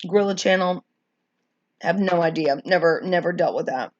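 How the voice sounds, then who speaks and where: A woman's voice: fairly low pitch, normal speed, no room sound, muffled recording. A middle-aged woman live-streaming, chatting casually and rambling with many fillers while reading viewer comments. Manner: chatty, rambling, frequent likes and ums. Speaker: streamer sharing wrestling memories.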